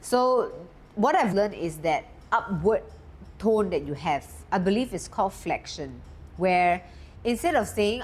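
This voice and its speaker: A woman coaching on confidence in a steady, emphatic teaching talk, lifting her voice on key words. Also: medium pitch, a little slow. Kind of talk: talking-head teaching talk.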